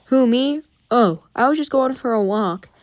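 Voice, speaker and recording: A woman voicing a calm, creepy male scarecrow villain from a comic, speaking softly with a mocking edge. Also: fairly high pitch, unhurried. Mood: innocent.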